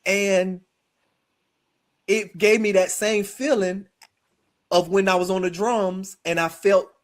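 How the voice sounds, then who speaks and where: A man's voice: sits high, slow pace. A middle-aged man, a spiritual practitioner, telling a personal story in conversation and slipping into quoted voices. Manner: animated, slips into quoted voices.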